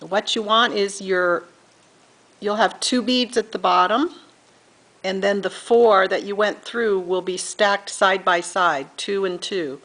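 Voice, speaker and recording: A woman's voice: mid-range voice, slow pace, fairly bright tone, poor audio. A middle-aged woman giving a patient step-by-step beading tutorial, counting beads aloud and correcting herself as she goes. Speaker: beading instructor.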